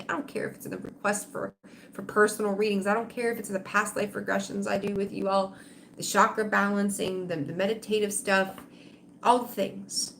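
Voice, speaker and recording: Gravelly-voiced woman chatting on a livestream. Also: mid-range voice, slight background noise. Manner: emotional, rambling, many fillers and restarts. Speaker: tarot reader hosting a livestream. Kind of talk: casual livestream chat with viewers.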